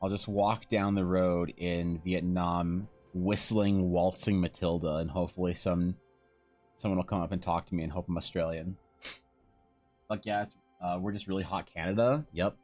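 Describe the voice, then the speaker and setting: A man's voice: low-pitched, steady tone, normal speed, a little mellow, faint music behind. A man chatting casually on a live stream while drawing, joking and swearing with self-mocking humor.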